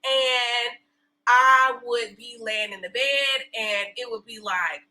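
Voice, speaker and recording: Bright-voiced woman telling lively stories. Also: a little high, slow pace, poor audio. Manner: animated storyteller, laughs often, acts out quotes. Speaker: podcast guest, breastfeeding specialist. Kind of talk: casual interview chat.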